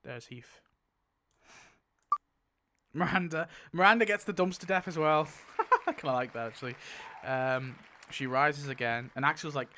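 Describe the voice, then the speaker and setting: A man giving casual, excitable commentary while spinning a wheel, laughing often and mumbling lists to himself. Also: fairly high pitch, a little slow. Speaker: YouTuber.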